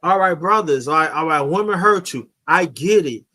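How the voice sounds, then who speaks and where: Host, male, high bright voice, rambling chatty storyteller who restarts his sentences. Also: lively intonation, moderate pace. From New York. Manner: rambling, repeats himself, restarts often. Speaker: YouTube channel host. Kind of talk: casual storytelling on a live chat.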